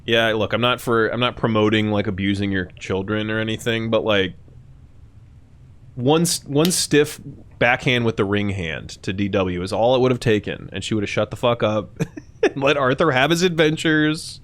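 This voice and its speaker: Hosting a live broadcast at a moderate pace, a young man chats informally and profanely with his viewers, staying animated and regularly adopting shrill, mocking voices.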